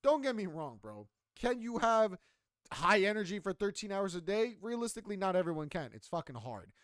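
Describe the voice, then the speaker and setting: Young male podcast co-host, casual and profane storyteller, voice sits a bit high, dry sound. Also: brisk, no room sound. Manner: animated, profane, emphatic storytelling.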